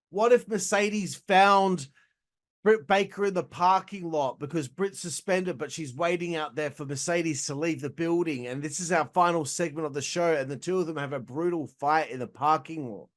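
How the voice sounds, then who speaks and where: Young man, slightly high voice, blunt, exasperated, swearing, casual ranting review. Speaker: host reviewing wrestling shows.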